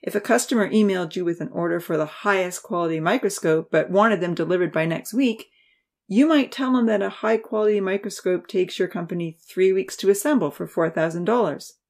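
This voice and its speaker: A woman's voice: lowish voice, vocal fry. A woman voicing an earnest, nervous young male student who pleads and explains eagerly.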